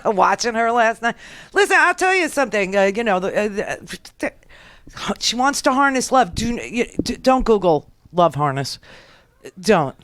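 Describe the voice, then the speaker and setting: Sarcastic woman radio host, crisp dry voice. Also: on the high side, very animated, no echo. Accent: New York. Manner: sarcastic, rambling, quick laughs. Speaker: radio talk show host. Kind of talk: political commentary.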